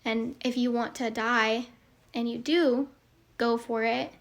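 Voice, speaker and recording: A woman's voice: on the high side, fairly even intonation, takes it slowly, vocal fry. A young woman and social media creator speaks to her followers in a heartfelt monologue. She rambles earnestly, full of fillers.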